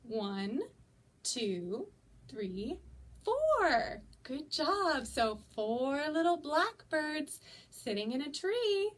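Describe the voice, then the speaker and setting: A woman's voice: sits high, extremely slow. A young woman librarian reading a picture book aloud at toddler story time, coaxing the children to join in. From United States. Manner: sing-song, animated, coaxing children to join in.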